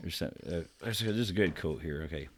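Deep-voiced man reading the news jokingly. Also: quick pace, a little hiss or hum. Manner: reads stories aloud with jokey asides, stumbles on names and swears. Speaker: podcast co-host reading news. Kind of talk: casual podcast banter.

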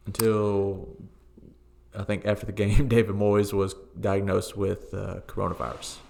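This is casual sports talk from a football podcast co-host, a man with a gravelly, deep voice going over match results. His views are firm but his mood is easygoing, and his speech is full of "um" and "uh" pauses as he works through his thoughts.

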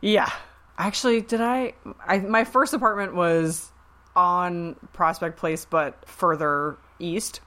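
A woman's voice: fairly low pitch, slow, sharp tone. A woman co-hosting a podcast, chiming in with wry comments in casual movie chat. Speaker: podcast co-host.

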